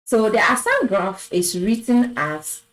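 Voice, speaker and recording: A woman's voice: fairly high pitch, big pitch swings, unhurried, a bit bright, low-quality recording. A woman teaching a French lesson at a board, patiently repeating words and praising with "très bien". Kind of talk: slow classroom lesson at a board. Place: classroom with a board.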